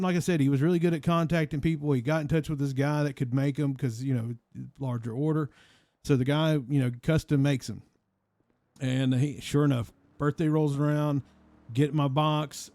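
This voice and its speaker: A man in an online role-play game telling a rambling, deadpan shaggy-dog story in character, repeating the same phrase again and again. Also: on the high side, dry recording.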